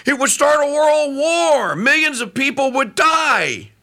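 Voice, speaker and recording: Man doing a Russian leader, middle-aged, insistent, high, bright. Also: very animated, a little slow, exaggerated voice. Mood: incredulous. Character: calm middle-aged male Russian head of state.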